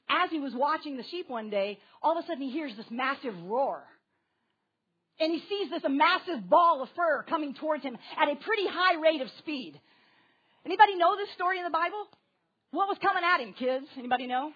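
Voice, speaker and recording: A woman preaching a sermon to a congregation with children, animated and asking her listeners questions directly. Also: high-pitched, muffled recording.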